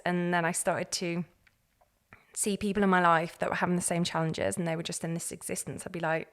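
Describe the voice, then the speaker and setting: A woman, a podcast guest telling her own story in an earnest, animated way. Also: on the low side, fairly quick. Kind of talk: candid personal story.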